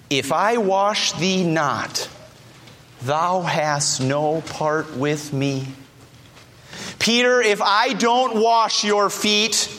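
A man's voice: high voice, fairly bright tone. A middle-aged man preaching a sermon as pastor, emphatic, repeating his key phrases, recorded in a church. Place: church sanctuary. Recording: long reverb of a large hall.

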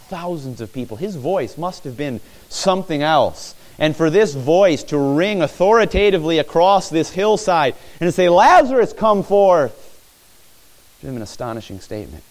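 A man's voice: fairly high pitch, very animated, moderate pace, hardly any pauses, darkish tone. Male preacher telling a vivid story. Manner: vivid storytelling, urging listeners to imagine the scene; repeats phrases for emphasis. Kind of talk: sermon.

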